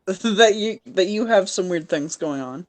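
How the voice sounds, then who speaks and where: A woman's voice: fairly low pitch, expressive, measured pace. A woman in a casual tabletop role-play over voice chat, hesitant, with many fillers and restarts. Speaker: player.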